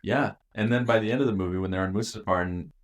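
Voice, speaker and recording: A man's voice: on the low side, fast. A man co-hosting a podcast in casual, joking, rambling chat. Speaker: podcast co-host.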